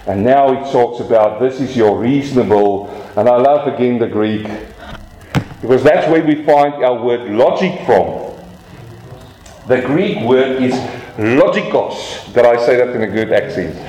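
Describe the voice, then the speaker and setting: A man's voice: medium pitch, warm tone, reverberant, poor audio. A man preaching a sermon in a church, emphatic, asking rhetorical questions and acting out voices. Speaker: pastor.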